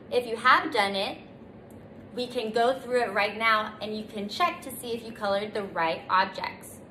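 A woman teaching a children's circle time lesson in a gentle, sing-song way, stretching out letter sounds for little ones to repeat. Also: fairly high pitch. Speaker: preschool teacher. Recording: echoey room, faint noise.

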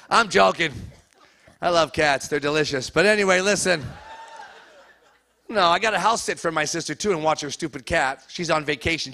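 A man doing a stand-up comedy set, loudly cracking jokes and teasing the audience at a live show. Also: fairly high pitch, creaky, a little hiss or hum. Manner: loud, fast-joking, teases the audience.

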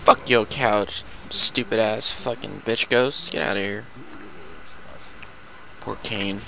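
Gravelly and fairly low, this gamer's voice comes out slowly with a bright, forceful edge, on a rough recording with a little hiss or hum. He swears freely and talks loosely while playing a video game with a friend.

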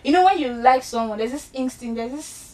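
A woman's voice: high voice, brisk. A young Nigerian woman telling a personal story in a casual chat, acting out the voices in it. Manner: animated, acts out quoted dialogue. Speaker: guest storyteller. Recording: voice from far off the mic.

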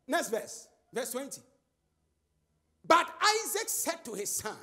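A man preaching a sermon in call-and-response style, shouting and chanting phrases to the congregation. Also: very high-pitched, gravelly.

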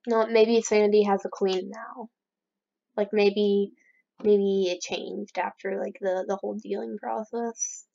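A woman's voice: mid-range voice, level tone, takes it slowly, vocal fry, warm tone. Chatty mock-outraged young woman gamer. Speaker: let's play host. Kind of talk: casual gameplay commentary. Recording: slightly dull lo-fi recording.

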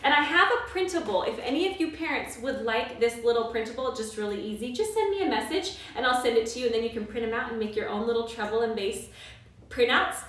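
Woman, kids' music teacher, sing-song and coaxing, lively swooping pitch, heavy room echo. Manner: bright, sing-song, coaxing tone for small children. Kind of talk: live online kids' music class. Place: indoors at home during quarantine. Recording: very echoey room, mic at a distance.

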